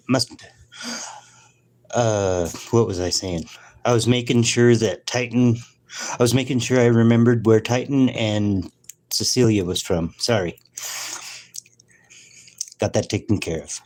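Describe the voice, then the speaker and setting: A man's voice: fairly low pitch, darkish tone. A man hosting a casual livestream, chatting with viewers and often losing his train of thought. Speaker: livestream host.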